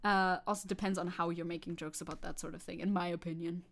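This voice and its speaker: A woman's voice: on the low side, fairly even intonation, quick pace, vocal fry, fairly bright tone. A woman streaming live, chatting casually and reading news and chat messages aloud, opinionated, swearing casually and laughing often. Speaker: VTuber streamer.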